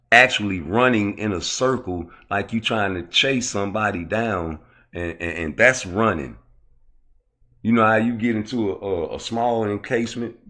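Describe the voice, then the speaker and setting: Deep-voiced man hosting a livestream. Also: fairly bright tone. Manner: profane, rambling, answers chat comments. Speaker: livestream host. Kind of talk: casual livestream chat.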